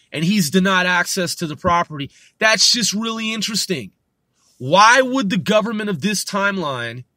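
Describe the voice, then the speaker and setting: A man's voice: high voice, bright, forceful tone, no echo. A man talking in a rambling, casual monologue, with lots of fillers and restarts. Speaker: channel host.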